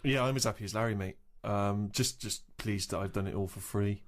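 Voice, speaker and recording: A man's voice: fairly low pitch, fairly quick. An English man co-hosting a casual radio chat, dry and wry in manner. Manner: dry, wry, bossy when setting tasks. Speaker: radio co-host.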